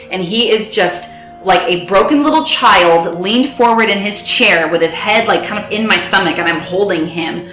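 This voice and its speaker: A woman recounting a personal story in a quiet, reflective way, speaking as an interview guest. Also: medium pitch, normal speed. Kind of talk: casual storytelling. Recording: echoey room with faint music.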